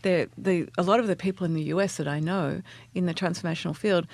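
A woman's voice: fairly low pitch, fairly even intonation, fast talker, no echo. A woman coach in a casual interview, telling stories in an earnest way and laughing often. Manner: earnest, warm storytelling with frequent laughs. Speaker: guest, transformational coach.

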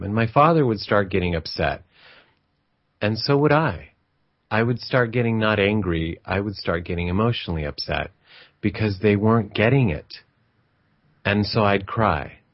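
A man's voice: on the low side, no echo, muffled recording. A middle-aged man who grew up in an Italian family tells a personal story in a conversational, reflective way, with restarts and quoted voices of relatives.

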